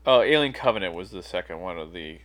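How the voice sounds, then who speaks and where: A man's voice: low voice, expressive, quick pace, a bit bright. A man co-hosting a podcast in casual chat, laid-back and dry, often trailing off. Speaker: podcast co-host.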